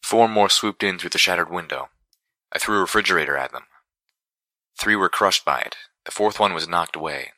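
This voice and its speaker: A man narrating first-person fiction in a measured, dramatic storytelling manner. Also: sits low, pushed and bright, no room sound. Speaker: audiobook narrator.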